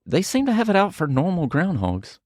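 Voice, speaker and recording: A man's voice: high-pitched, huge pitch swings, brisk, a little mellow, no echo, clean studio sound. A man co-hosting a podcast in casual chat, reading notes aloud and stumbling and laughing over the words. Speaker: podcast co-host.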